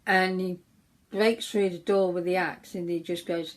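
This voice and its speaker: A woman chats her way through a makeup look on her own channel. She wanders from point to point and restarts her sentences often. Her pace is unhurried and her voice sits a little low. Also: steady tone, low-quality recording. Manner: rambling, chatty storytelling with many restarts. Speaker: beauty vlogger. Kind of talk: casual chat while doing makeup.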